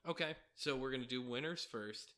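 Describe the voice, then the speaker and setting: A man's voice: medium pitch, fairly quick, pushed and bright. A young adult man co-hosting a casual podcast, easygoing and agreeable, filling with "like" and "um". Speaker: podcast co-host. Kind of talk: casual chat about a reality show.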